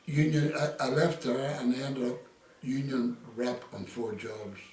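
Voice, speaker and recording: A man's voice: medium pitch, unhurried, a little mellow, a little hiss or hum. An older Irish man being interviewed, telling rambling stories full of quoted dialogue. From Ireland. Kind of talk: casual storytelling. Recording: echoey room, distant mic, faint ambience.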